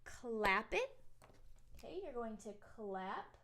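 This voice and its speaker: A young woman tutoring a child on syllables. Her voice sits high and swoops a great deal as she talks. She encourages the child brightly and draws words out one syllable at a time. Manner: lively and encouraging, with drawn-out syllables. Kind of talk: teaching a lesson to a child.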